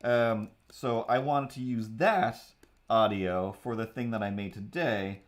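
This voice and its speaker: A man's voice: fairly low pitch, unhurried. A man hosting a live drawing stream, rambling casually with restarts and asides. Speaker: streamer and artist.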